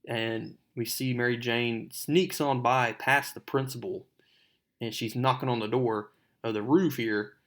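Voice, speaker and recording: A man with an ordinary mid-range voice hosting a comic book recap. He retells the plot loosely, drifting in and out of the characters' lines, and talks straight to his audience in a relaxed, conversational way. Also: medium pitch, a little slow. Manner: conversational, addresses viewers directly. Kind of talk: casual comic recap narration.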